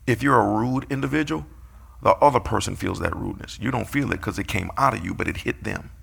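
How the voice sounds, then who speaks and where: A man's voice: fairly low pitch, fast, gravelly, a bit bright, slightly rough. A man preaching a sermon, playfully calling out his congregation and acting out quotes.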